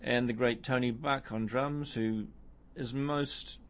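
A man's voice: mid-range voice, steady tone, takes it slowly. A middle-aged man, a musician guest in an interview, rambling through stories with many fillers and a self-deprecating tone. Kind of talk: casual interview chat.

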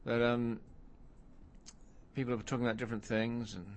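A middle-aged man with a mid-pitched voice chats as a guest, rambling loosely through anecdotes. He fills his talk with ums and uhs and laughs at himself. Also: little pitch movement, moderate pace, a little hiss or hum. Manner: rambling storyteller, self-deprecating, many fillers. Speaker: musician guest. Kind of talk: casual interview chat.

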